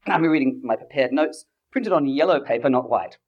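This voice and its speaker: A man's voice: medium pitch, expressive, normal speed, muffled recording. A middle-aged man from Adelaide telling his story with wry humor to an audience. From Adelaide, Australia. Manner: wry, self-deprecating, with playful impressions and asides. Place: event hall with audience. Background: audience laughter.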